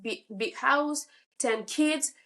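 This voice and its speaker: Podcast guest, woman, 30s, slightly high voice, candid and emotional, halting phrasing. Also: fairly bright tone. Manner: emotional, halting, restarts sentences. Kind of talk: candid interview storytelling.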